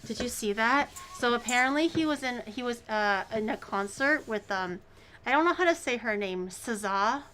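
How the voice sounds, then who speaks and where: A woman's voice: fairly high pitch, animated, normal speed, sharp tone, slight background noise. A woman streaming herself cooking at home, chatting casually in a rambling way with exaggerated reactions. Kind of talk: casual livestream chat.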